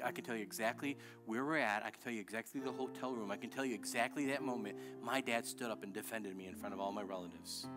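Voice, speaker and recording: A middle-aged male pastor preaching a sermon with passion, rising at times to shouting. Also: mid-range voice. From Illinois. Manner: impassioned preaching that builds to shouting. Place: church sanctuary.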